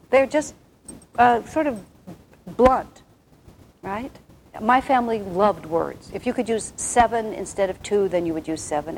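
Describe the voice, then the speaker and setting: Soft-voiced woman, spiritual teacher type, wordy and meandering, mid-pitched. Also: slight background noise, low-quality recording. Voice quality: soft-spoken. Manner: wordy, rambling, with many restarts. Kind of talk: reflective spiritual talk to an audience.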